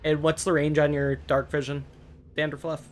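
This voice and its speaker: A man narrating a tabletop game as game master, often pausing with fillers as he describes scenes. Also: fairly high pitch, little pitch movement, a little hiss or hum. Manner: hesitant, filler-heavy narration.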